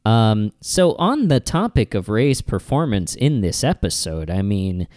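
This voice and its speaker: A man's voice: on the low side, sing-song, a little mellow, no echo, studio quality. A man co-hosting a comedy podcast, chatting in a playful, rambling way. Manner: playful, rambling, quick to joke. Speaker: podcast co-host. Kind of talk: casual comedic chat.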